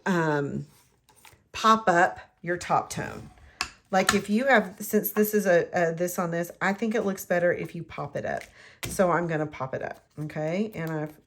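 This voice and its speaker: A woman's voice: on the low side, vocal fry, a little hiss or hum. A middle-aged woman, chatting her way through a card-making tutorial and talking to herself as she works. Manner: chatty, rambling, talks to herself while working. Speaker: craft demonstrator.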